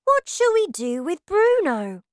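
A woman voicing an excited young boy who has been turned into a mouse, high and eager. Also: unhurried, no echo, studio quality, exaggerated voice.

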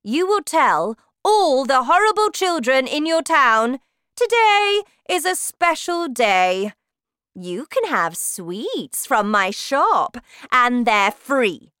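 A woman voicing a cruel, bossy female witch leader who shouts her orders with scorn, in a storybook reading. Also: sits high, sing-song, slow, clear, resonant tone, dry recording, studio quality, pitched above the performer's own voice, exaggerated voice. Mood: scornful, commanding. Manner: shouting, commanding, contemptuous.

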